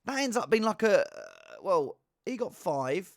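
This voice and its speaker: A man giving casual, rambling fantasy football advice in an excitable, self-deprecating way. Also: high voice, unhurried, no echo, clean studio sound.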